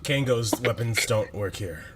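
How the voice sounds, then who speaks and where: A man's voice: fairly low pitch, a little slow, heavy background noise. Laughing male game master. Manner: laughs often, relaxed storytelling. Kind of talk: narrating a tabletop game on a stream.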